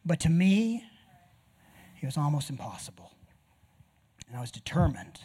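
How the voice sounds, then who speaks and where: A man's voice: fairly high pitch, very animated, normal speed, warm tone, slightly rough. A man preaching an earnest personal testimony sermon in a church, speaking straight to his listeners. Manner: earnest, personal storytelling with direct appeals to listeners.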